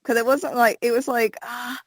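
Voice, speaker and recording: A woman co-hosting a fan podcast, chatting casually with plenty of fillers and pausing to search for words. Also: on the high side, no echo, rough recording. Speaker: podcast co-host.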